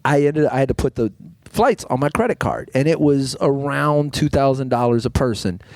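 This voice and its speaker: A man co-hosting a podcast in casual chat, telling animated stories, acting out quotes and laughing often. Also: mid-range voice, moderate pace, no echo. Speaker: podcast co-host. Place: podcast studio.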